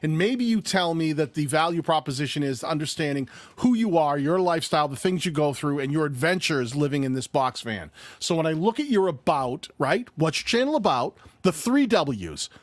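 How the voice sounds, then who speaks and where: A man co-hosting a live-stream channel review game show, playful and lively, thinking aloud as he reads. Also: fairly high pitch, normal speed, hardly any pauses, no room sound. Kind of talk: casual live-stream banter and channel critique.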